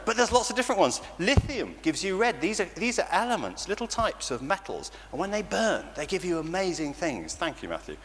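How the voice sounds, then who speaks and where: A lively English man speaks in a fairly high, bouncing voice as he gives a playful children's talk in church. His words ring out with a long church reverb over a faint hiss of background noise. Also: brisk, few pauses. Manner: animated and playful, laughing often. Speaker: church leader.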